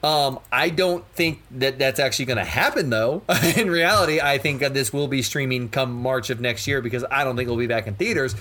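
A man's voice: mid-range voice, fairly quick, hardly any pauses, pushed and bright. A young adult man co-hosting a podcast, talking in an enthusiastic, rambling way and saying "dude" a lot. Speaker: podcast co-host. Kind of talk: casual chat.

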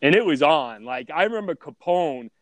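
A man telling loud, profane stories in a casual podcast chat. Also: on the high side, moderate pace, no echo. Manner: loud, profane, animated storyteller. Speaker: guest storyteller.

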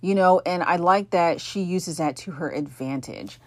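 A woman's voice: on the low side, normal speed. A young adult woman hosting a podcast, talking casually with lots of fillers and self-corrections as she introduces the episode. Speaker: podcast host.

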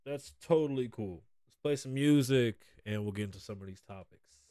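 A man with a mid-range voice talks at a moderate pace over background music. Hosting a podcast, he chats loosely and profanely, rambling through stories, his voice strained by a pulled vocal cord and a sinus infection.

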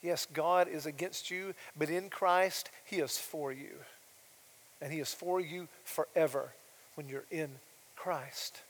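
High-voiced preacher in a big hall. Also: male voice, steady tone, slow pace. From United States. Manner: swings from loud emphatic declarations to soft quiet asides, asks rhetorical questions. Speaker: pastor. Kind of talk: sermon. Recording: long reverb of a large hall.

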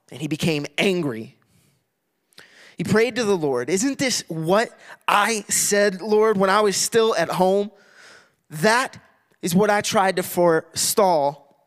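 High-voiced man telling a Bible story casually. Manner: playful, acts out voices, laughs often, many restarts.

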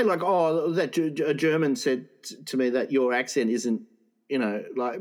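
A man with a slightly high voice co-hosts a comedy podcast. He swears freely and rambles in disbelief, restarting his sentences over and over. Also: animated, moderate pace. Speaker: co-host.

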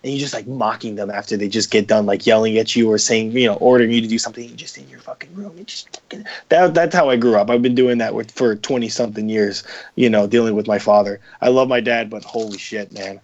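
A man's voice: on the low side, steady tone, fast, muffled recording. A man, a podcast guest, chatting casually in a rambling, profane way with many fillers. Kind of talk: casual chat.

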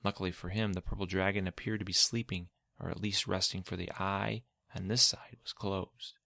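A man with a very low voice reads a fantasy story aloud at an even, measured pace. His tone is forceful and bright-edged despite the depth. The recording is close and completely dry. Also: gravelly, no echo. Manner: steady, measured read-aloud delivery. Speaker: narrator. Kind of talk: storybook narration.

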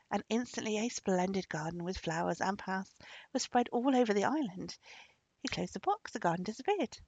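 Expressive woman reading a storybook. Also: medium pitch, creaky, husky, no echo. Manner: expressive, with lively intonation. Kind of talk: storybook narration. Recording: dull lo-fi recording.

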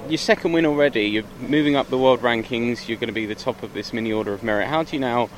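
A brisk male interviewer talking to a golfer outdoors after the round, asking direct questions at a quick pace. Faint outdoor noise and passing vehicles sit behind him. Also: medium pitch.

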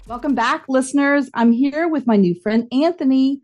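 A woman's voice: sits high, normal speed, hardly any pauses, darkish tone, soft background music. A middle-aged woman, a professional dancer, hosting a podcast with an upbeat manner and a sprinkle of Italian greetings. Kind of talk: scripted podcast intro and casual interview.

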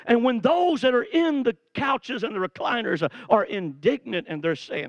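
A man with a notably high voice delivers a lively sermon. He retells a Bible story with animated storytelling and swells to shouts at its peaks. The sound is close and dry. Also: normal speed, vocal fry, few pauses, dry recording. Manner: animated storytelling, acts out quotes, rises to shouts. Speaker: preacher.

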